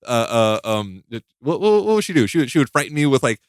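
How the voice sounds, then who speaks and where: A man hosting a podcast in casual chat, talking with halting restarts and stammered repeats, joking and laughing at his own stories. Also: medium pitch, very animated, clean tone, no room sound, studio quality. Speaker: podcast host.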